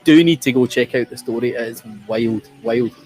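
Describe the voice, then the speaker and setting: A man's voice: medium pitch, normal speed, a little mellow, soft background music. A man around forty, hosting a quiz in casual, sweary banter with restarts. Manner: chatty, sweary, trailing restarts. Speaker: quiz host.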